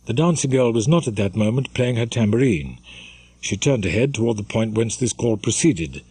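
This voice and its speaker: Expressive man reading an audiobook. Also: mid-range voice, slightly rough, no room sound. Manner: measured, expressive storytelling. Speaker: audiobook reader. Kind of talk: scripted audiobook narration.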